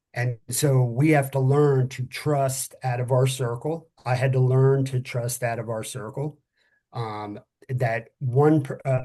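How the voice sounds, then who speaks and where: A middle-aged man, a former police officer, talking frankly and a little tiredly, often pausing to find his words and swearing casually. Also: medium pitch, a little mellow. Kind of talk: candid conversational podcast talk.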